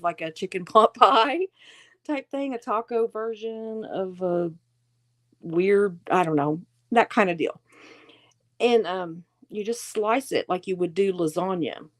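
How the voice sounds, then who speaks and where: A middle-aged woman hosting a casual livestream, chatting in a rambling way, reading viewer comments aloud and laughing often. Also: mid-range voice. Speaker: livestream host.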